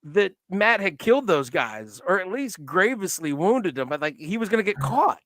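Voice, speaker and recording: A man co-hosting a casual reaction chat, eager and talking in quick bursts with restarts. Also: high voice, big pitch swings, a bit bright, dry recording, studio quality. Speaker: podcast co-host.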